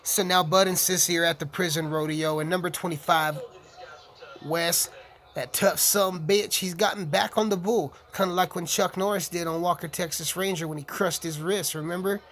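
A man's voice: high voice, fairly even intonation, normal speed, a bit bright, faint music behind. A man giving a casual, profane, rambling reaction commentary on a film, joking with viewers. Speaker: video commentator.

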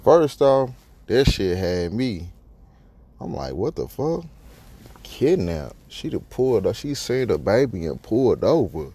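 A man's voice: lowish voice, sing-song, unhurried, mellow, breathy edge. A young man hosting a podcast, ranting bluntly and incredulously in heavy slang with lots of profanity. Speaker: podcast host. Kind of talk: profane casual commentary.

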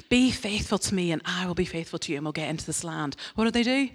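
A woman giving a lively, humorous sermon, acting out quoted voices with big leaps up in pitch. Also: fast. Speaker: preacher. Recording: long hall reverb.

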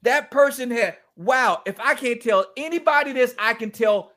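A man speaking as a guest, telling a story in a lively, preacher-like way and acting out the quoted dialogue. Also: very high voice, normal speed. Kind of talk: animated storytelling talk.

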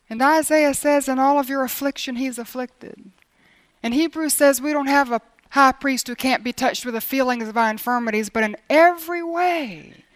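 Woman preacher, middle-aged, high voice, dry close sound, earnest delivery. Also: dry recording. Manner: earnest, with quoted prayers acted out. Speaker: Bible teacher. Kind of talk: sermon.

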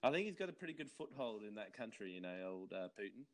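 Playful man, quick to jump in. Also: on the low side, very animated. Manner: interrupting, playful, laughs often. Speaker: podcast co-host. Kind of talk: casual comedic chat.

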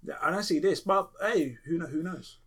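A man co-hosting a casual gaming podcast, animated and joking, with frequent swearing. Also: a little high, moderate pace. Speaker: podcast co-host.

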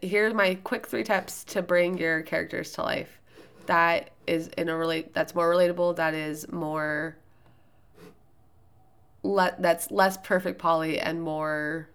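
A loud-voiced woman hosting a podcast, giving writing tips in casual, rambling solo talk with plenty of fillers and restarts. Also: lowish voice, gravelly.

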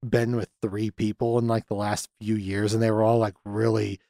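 A man hosting a casual podcast, rambling through a film's plot with lots of swearing and quick acted-out bits of scenes. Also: lowish voice, little pitch movement, vocal fry, warm tone, no echo, studio quality. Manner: rambling, profane, acts out scenes. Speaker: podcast host. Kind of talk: casual film-recap chat.

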